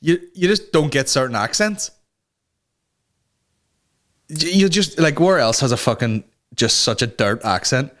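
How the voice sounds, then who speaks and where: A man's voice: mid-range voice, expressive, measured pace, pauses often, a bit bright. Sweary, rambling man. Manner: sweary, rambling, slips into mock voices. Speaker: podcast host. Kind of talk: casual comedic rant.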